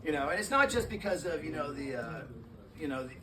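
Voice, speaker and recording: A man's voice: a little high, lively intonation, a little fast, distant mic, background noise. A young man performing a stand-up comedy set, casual and stammering, often laughing at his own jokes. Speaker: opening stand-up comic. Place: comedy club stage.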